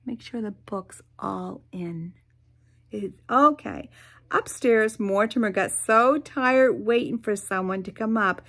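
Slow animated storytelling woman. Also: medium pitch. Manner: animated, with sound effects and soft whispered asides. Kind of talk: reading a picture book aloud to children.

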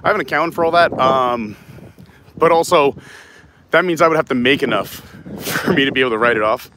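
A man's voice: mid-range voice, brisk, pushed and bright, a little hiss or hum, poor audio. A man hosting a live stream while walking outdoors, chatting casually, reading viewer comments and laughing often. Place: outdoors in a theme park, walking.

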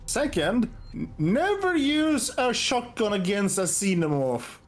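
A man's voice: sits high, sing-song, takes it slowly, soft background music. A man chatting casually on a voice call while playing a co-op game, explaining tactics with dry sarcasm. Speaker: gamer.

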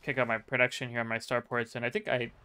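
Bright, clear-voiced man explaining casually. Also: medium pitch, quick pace. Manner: relaxed, chatty, with many fillers. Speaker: StarCraft player and coach. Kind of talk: casual replay commentary.

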